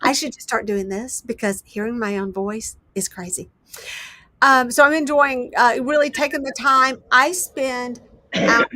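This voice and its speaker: A woman's voice: on the high side, steady tone, moderate pace, bright, forceful tone, no echo. A woman hosting a casual crafting livestream, chatting in a rambling, self-deprecating way. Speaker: livestream host.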